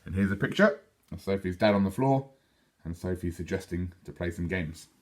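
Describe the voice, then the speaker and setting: A man reading a children's book aloud in a lively, expressive storytelling voice. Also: deep voice, moderate pace. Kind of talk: children's read-aloud narration.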